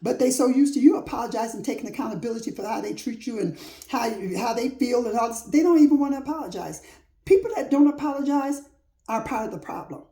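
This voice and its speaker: A woman's voice: fairly high pitch, animated, fast talker, warm tone. A woman delivering an informal faith-based motivational talk with an emphatic, repetitive preacher cadence and casual, folksy phrasing. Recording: roomy echo.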